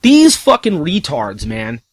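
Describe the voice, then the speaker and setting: Man, high voice, swearing rant, rhetorical questions, dry close sound. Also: huge pitch swings, slow pace, no echo. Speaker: commentator. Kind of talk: casual ranting commentary.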